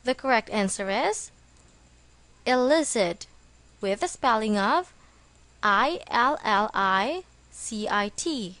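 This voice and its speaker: A woman teaching an English vocabulary lesson in a slow, deliberate read, lingering over each word and spelling terms out letter by letter. Her voice sits a little high, and the recording is dry and close with no room sound. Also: lively intonation, a bit bright, no echo.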